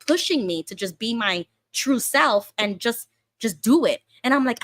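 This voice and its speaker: A woman hosting a casual livestream chat, telling stories in an animated way and acting out quoted speech. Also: fairly high pitch, moderate pace, no room sound. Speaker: host.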